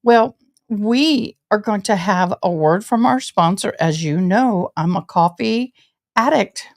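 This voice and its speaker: A woman's voice: mid-range voice, slow pace, darkish tone. A woman hosting a casual livestream, bubbly and effusive, greeting viewers as y'all. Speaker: host of a legal news channel.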